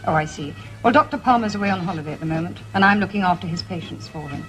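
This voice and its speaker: An actress playing a brisk, reassuring woman doctor in a comedy sketch. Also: fairly low pitch, a bit bright, faint music behind, close to an everyday voice, poor audio. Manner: brisk, businesslike.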